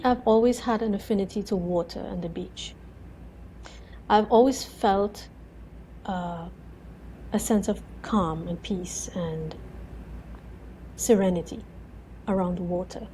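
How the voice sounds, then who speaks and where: A woman in her thirties, a guest in an interview, telling her story in an animated way, full of repeated "and"s and acting out her own words. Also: medium pitch, slight background noise, rough recording. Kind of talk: conversational interview.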